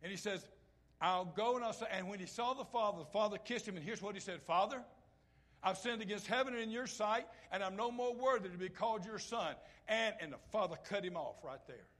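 A high-pitched man preaches. He talks to the congregation conversationally, then builds to loud, impassioned peaks before dropping back to near-hushed asides. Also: a little fast. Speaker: pastor. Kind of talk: sermon.

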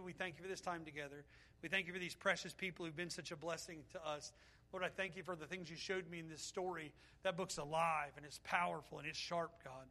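A middle-aged pastor with a high, bright voice preaches a fervent sermon. His delivery is deeply emotional, and he softens into a quieter tone when he turns to prayer.

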